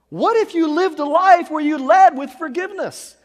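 A male pastor preaching a sermon in an animated way, swinging between loud emphasis and hushed asides. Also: very high voice, brisk, few pauses, big-room sound.

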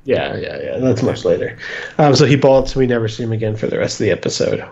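A man's voice: medium pitch, lively intonation, quick pace, vocal fry, a little mellow, lo-fi sound. A man from the American North co-hosting a podcast, recapping an episode with dry, wry jokes and plenty of ums. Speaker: podcast co-host. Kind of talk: casual chat, recapping an episode.

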